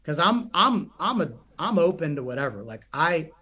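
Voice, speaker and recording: A young man whose voice is on the high side, with a breathy edge, speaks at normal speed. He's a psychotherapist and coach telling stories in a podcast interview, animated and earnest, restarting his sentences often.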